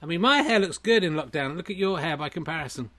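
A man voicing a smug, successful version of himself who brags in a lazy, relaxed drawl. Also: on the high side, fast. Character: smug, laid-back successful man, self-satisfied show-off.

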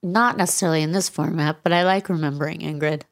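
A woman's voice: low-pitched, fairly even intonation, quick pace. A middle-aged woman speaking as an interview guest, frank and reflective with dry asides. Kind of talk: candid interview conversation.

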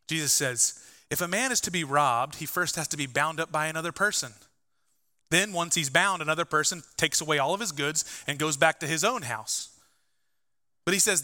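A male pastor preaching with a very bright, ringing tone and a slightly high voice. He is emphatic, swings between loud bursts and quiet low lines, and drops into chatty asides. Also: moderate pace, long pauses. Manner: conversational asides with fillers. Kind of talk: sermon.

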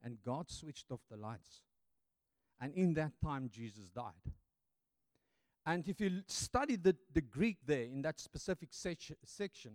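A man preaching a sermon dramatically, swinging from loud passages to hushed ones, with hesitant fillers and restarts. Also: mid-range voice, sing-song, unhurried, no room sound.

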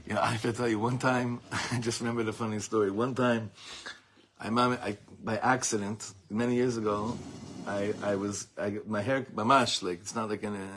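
A middle-aged man, a rabbi giving an informal Torah talk to a small group, telling animated stories with laughter and mixing Hebrew and Yiddish words into his English. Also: on the low side, normal speed, slight background noise. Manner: animated, rambling storytelling with frequent laughter.

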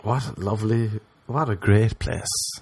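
A man's voice: on the low side, a little slow, vocal fry, darkish tone, slightly rough. A man telling rambling comic stories and laughing at his own jokes. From Ireland. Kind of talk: casual comedic storytelling.

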